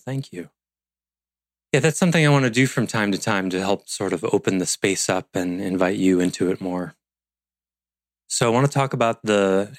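A man's voice: fairly low pitch, no room sound. Rambling male course instructor. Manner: rambling, self-interrupting, playful asides. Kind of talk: online class teaching. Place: video call.

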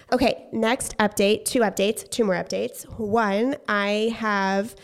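A woman's voice: mid-range voice, fairly even intonation, slow, few pauses, smooth. Chatty pregnant woman on a podcast. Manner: chatty, candid, swears casually. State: pregnant, gets out of breath. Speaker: podcast co-host. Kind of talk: casual podcast chat.

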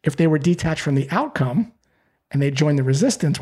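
Husky man teaching sales, animated. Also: on the high side, a little fast. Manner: animated, acts out sales calls in quoted voices. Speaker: sales trainer. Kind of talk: podcast interview answers.

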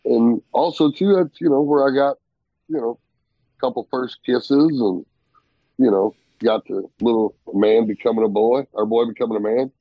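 A man's voice: mid-range voice, normal speed, dry recording, muffled recording. A man in casual podcast chat, reminiscing agreeably about childhood. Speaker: podcast co-host.

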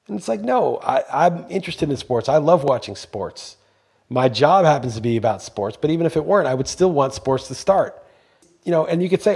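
A man's voice: on the high side, animated, fairly quick, gravelly, darkish tone, slightly rough. A man co-hosting a podcast, talking emphatically in casual chat and swearing freely when he gets going. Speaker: podcast co-host.

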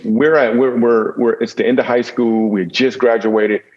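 A man's voice: mid-range voice, fairly even intonation, moderate pace, muffled recording. A man, a comedian guest, telling a humorous story in conversation with jokey, self-deprecating asides.

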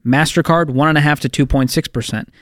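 A man's voice: a little high, fast talker, a bit bright, no echo, studio quality. Wry, opinionated man co-hosting radio. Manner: opinionated, wry, reels off numbers. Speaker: radio co-host. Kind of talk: casual talk radio chat.

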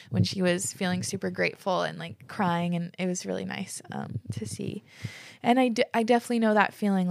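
A woman's voice: fairly low pitch, gravelly, no room sound. A woman in her twenties hosting a podcast, chatting casually and reading listener messages aloud with lots of fillers. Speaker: podcast host.

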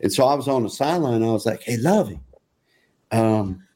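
A man's voice: animated, moderate pace, mellow. An older man, a former football coach, chatting casually as a podcast guest and telling stories with frequent laughs. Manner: laughs often, acts out quotes in a higher voice. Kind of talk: casual podcast chat, storytelling.

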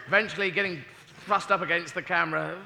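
A male comedian on stage in a large theater, doing a rambling stand-up routine, swearing and acting out bits with shouts. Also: high voice, steady tone, quick pace, vocal fry. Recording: live hall reverb, faint crowd.

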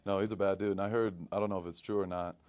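A man hosting a podcast, chatting casually and agreeing quickly with his guest. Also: deep voice, flat delivery, a little mellow. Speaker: podcast host.

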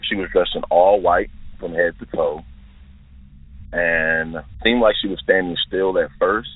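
Deep husky man on a tinny phone line. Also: fairly even intonation, measured pace, dry recording. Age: 20s. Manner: careful, detailed, earnest storytelling. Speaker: listener sharing an encounter. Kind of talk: recounting a personal eerie experience.

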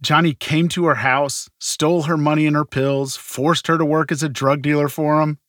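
A man narrating a true-crime podcast from a script in a measured way, with the odd wry aside. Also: on the high side, steady tone, fairly bright tone, no room sound, studio quality. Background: faint guitar music.

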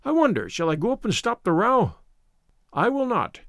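An easygoing Irish beat cop mutters his musings in a storybook reading, as a male narrator voices him. His tone is lively and sits fairly high, recorded dry and close. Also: moderate pace, gravelly, dry recording, heavily acted. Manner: musing, lazy drawl.

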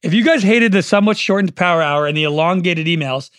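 A man's voice: high-pitched, fast, fairly bright tone, clean tone, dry recording, studio quality. A man co-hosting a casual podcast, cracking teasing jokes. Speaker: podcast co-host. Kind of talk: casual chat.

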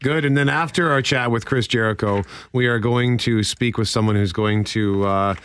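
A man's voice: mid-range voice, moderate pace, a bit bright, smooth. A Canadian man co-hosting a radio talk show, easygoing and musing aloud. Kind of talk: casual studio banter.

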